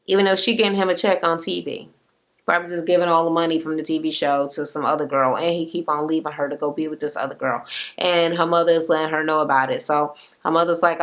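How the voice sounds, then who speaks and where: Woman vlogger, casual profane rant, jumps up in pitch for quoted lines, lively delivery. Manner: profane, animated, acts out quotes in a higher pitch. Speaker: reality TV recap vlogger. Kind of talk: casual ranting recap. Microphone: camera mic.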